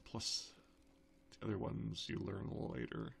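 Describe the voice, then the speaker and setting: A man's voice: on the low side, level tone, takes it slowly, gravelly, faint music behind. A man hosting a let's play, giving casual gameplay commentary in a wry, self-mocking way and reading game lines aloud.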